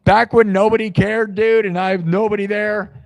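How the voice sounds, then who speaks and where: A man hosts an improvised music show livestream in a high, gravelly voice that barely moves in pitch, keeping a moderate pace. He reads live comments aloud and chats casually with viewers, saying "like" and "dude" a lot.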